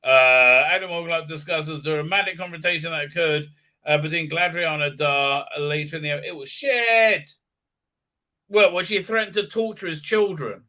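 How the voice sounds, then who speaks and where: A man's voice: on the high side, a little fast, bright, forceful tone. A man hosting a live commentary stream, ranting sarcastically and swearing, with lots of fillers and restarts. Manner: sarcastic, swears, mocks what he reads with put-on silly voices; hesitant, many fillers and restarts.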